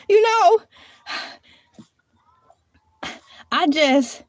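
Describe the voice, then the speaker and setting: A woman's voice: sits high, expressive, measured pace. A woman hosting a casual livestream, chatty and playful, who laughs often and drifts from one topic to the next. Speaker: livestream host.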